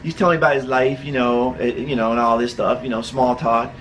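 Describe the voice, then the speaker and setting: A man's voice: medium pitch, level tone, a little fast, fairly bright tone, a little hiss or hum. A man casually telling a personal story, laughing often and acting out other people's voices.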